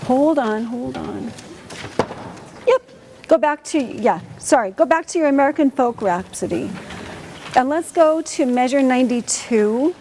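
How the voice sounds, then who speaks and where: A woman coaching a student orchestra in a school auditorium, lively and encouraging, asking the players lots of questions. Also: sits high, measured pace, slight background noise. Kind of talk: rehearsal coaching.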